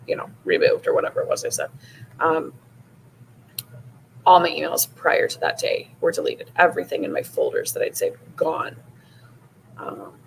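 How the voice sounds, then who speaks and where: Gravelly-voiced woman telling a story. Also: low voice, a little hiss or hum, poor audio. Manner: casual, frequent "like" and "you know", retelling with rising emotion. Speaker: podcast host. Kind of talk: personal storytelling monologue.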